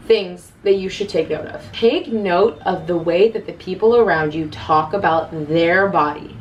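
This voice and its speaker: A woman's voice: lowish voice, recorded from a distance, a little hiss or hum, rough recording. A woman in her twenties giving casual self-love advice to camera, earnest and chatty, often quoting her own inner voice.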